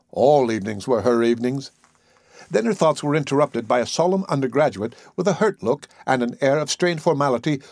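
A man reads a story aloud in an expressive, scripted style. His voice sits mid-range but moves freely up and down. The recording is close and dry. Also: mid-range voice, no room sound. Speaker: narrator. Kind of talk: scripted narration.

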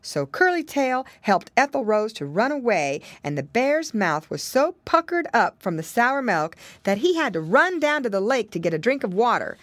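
A woman reading a children's storybook aloud in an expressive, sing-song storytelling manner. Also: fairly high pitch, normal speed, hardly any pauses, no room sound. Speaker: audiobook reader.

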